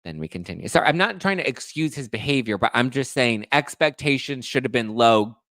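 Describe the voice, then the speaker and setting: A man with a mid-range voice runs a casual gossip podcast. His delivery is animated and sarcastic, and he jumps into mocking high voices when he quotes people. The sound is dry and close, with no room behind him. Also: brisk, no echo. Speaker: podcast host.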